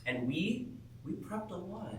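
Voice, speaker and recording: An actor playing a skeptical, good-natured young man camper in a stage play, dismissive and quick to laugh, sometimes stammering. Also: sits high, expressive, slight background noise. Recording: roomy stage sound from a distant mic.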